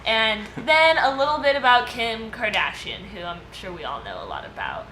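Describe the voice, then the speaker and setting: Speaking at a moderate pace in a slightly high voice, this woman co-hosts a relaxed podcast conversation. Her segment comes out loose and talkative, packed with fillers and quick laughs. Steady noise sits behind her in an echoey room.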